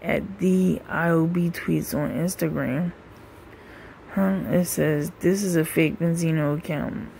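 Laid-back woman with a gravelly voice. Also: low-pitched, fairly even intonation, a little slow, darkish tone, slight background noise. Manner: laid-back, drawling, profane. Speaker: gossip show host. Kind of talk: casual commentary reading comments.

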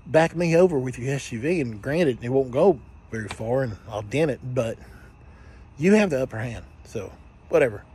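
A man's voice: mid-range voice, expressive, moderate pace, darkish tone, a little hiss or hum. Candid joking man vlogging at night. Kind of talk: casual late-night vlog.

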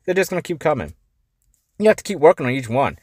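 A man hosting a motivational life-coaching podcast. He talks bluntly, swears, and swings between quiet asides and emphatic pushes. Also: a little high, sing-song, quick pace, slightly rough, dry recording, studio quality. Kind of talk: motivational monologue.

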